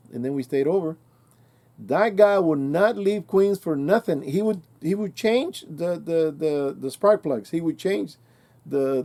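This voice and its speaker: A man's voice: a little high, warm tone. A man in his sixties telling a personal story in a rambling, casual way, often correcting himself as he goes. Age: 60s. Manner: rambling, self-correcting, colloquial. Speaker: channel host.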